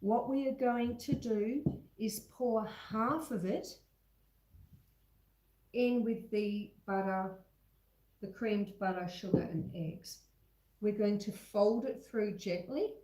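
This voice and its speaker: A woman's voice: medium pitch, fairly even intonation, slow pace, long pauses, dark tone, echoey room. A woman hosting a home baking livestream, chatting casually and reading out viewers' comments while she bakes, calling people love and sweetheart. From Australia. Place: home kitchen.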